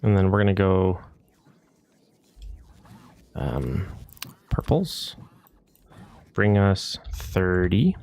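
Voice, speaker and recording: A man's voice: low voice, big pitch swings, drawn-out words, long pauses, a little mellow, smooth. A man casually talking to himself while streaming a building game, muttering over his plans and grumbling about things going wrong. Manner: muttering to himself while planning, annoyed at bugs. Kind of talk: casual gameplay commentary.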